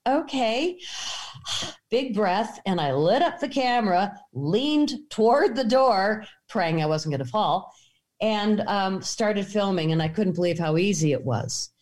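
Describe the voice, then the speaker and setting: A woman in an interview, animatedly telling a story and acting out the voices in it. Her voice sits at a middle pitch for a woman. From United States. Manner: animated, acts out voices in anecdotes. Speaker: filmmaker guest.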